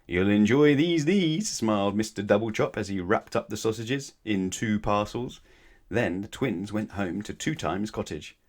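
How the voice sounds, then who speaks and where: Male bedtime-story reader, low voice, gentle and expressive. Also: normal speed. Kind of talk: children's bedtime story read-aloud.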